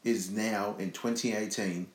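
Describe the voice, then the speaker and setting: A man's voice: lowish voice, fairly even intonation, unhurried. A man co-hosting a podcast, chatting casually with a crude, rambling sense of humour. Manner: rambling, restarts often, crude joking. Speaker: podcast co-host. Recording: roomy echo.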